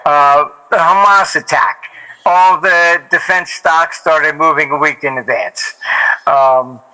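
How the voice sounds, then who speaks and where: A man's voice: fairly high pitch, slow, pushed and bright, rough recording. An older man, a former hedge fund manager, telling anecdotes as an interview guest in a rambling, casual way with many fillers and restarts.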